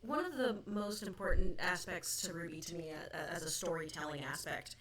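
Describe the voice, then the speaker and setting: A woman's voice: fairly low pitch, moderate pace, a bit bright. A woman co-hosting a fan discussion, thoughtfully analyzing storytelling. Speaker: podcast co-host. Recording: roomy, distant mic.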